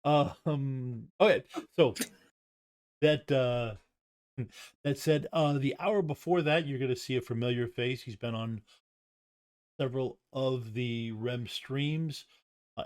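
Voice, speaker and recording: A man running a tabletop game on a stream, talking casually and haltingly with many pauses and restarts. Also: mid-range voice. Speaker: game master. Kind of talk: casual game master chat and stream sign-off.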